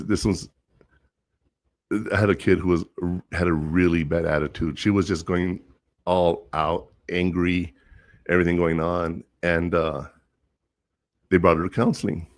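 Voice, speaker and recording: A middle-aged man with a very low voice tells stories from his counseling work in an easy, rambling way. He loops back with plenty of fillers, sincere and plain-spoken. The sound is dry and close. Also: no room sound. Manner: rambling, earnest storytelling with many fillers. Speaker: teacher and counselor. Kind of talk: casual monologue.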